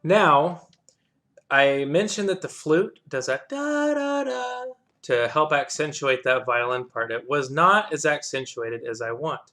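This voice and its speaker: A man's voice: medium pitch, measured pace. A man explaining how he arranged an orchestral piece, casually scatting the instrument parts aloud to show how they move. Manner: hums and scats parts aloud, relaxed and self-deprecating. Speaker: composer teaching orchestration. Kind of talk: casual walkthrough lesson. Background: orchestral playback music.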